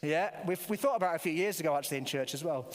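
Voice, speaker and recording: Playful older preacher in a reverberant church. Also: male voice, fairly high pitch, racing. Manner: playful, quizzes the children, many restarts. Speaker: preacher leading a family service. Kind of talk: all-age church talk with a toy dog. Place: church hall. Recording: long hall reverb.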